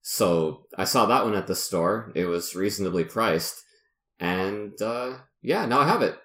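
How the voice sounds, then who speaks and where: Upbeat low-voiced man, echoey room. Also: expressive, unhurried, a bit bright. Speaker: podcast co-host. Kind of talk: casual chat.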